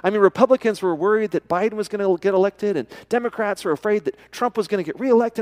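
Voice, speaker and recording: A man in middle age, from the United States, delivers a sermon in a church. His voice sits a little high, and his talk is loose and conversational. He keeps turning to the congregation with questions. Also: fast, hardly any pauses, darkish tone. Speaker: pastor.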